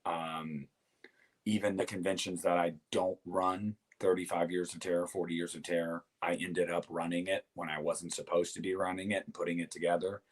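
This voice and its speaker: A man who is a guest on a casual chat, talking with relaxed enthusiasm. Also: sits low, moderate pace.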